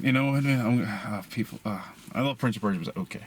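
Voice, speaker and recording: A laid-back middle-aged man in casual movie review chat, easygoing and quick to chuckle. His voice is at an ordinary male pitch, with faint noise behind him. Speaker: podcast co-host.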